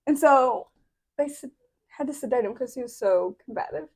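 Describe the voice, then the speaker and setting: High-voiced woman chatting casually. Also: lively intonation, breathy edge. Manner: quick reactive listener who laughs often. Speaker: co-host and mother. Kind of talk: casual chat.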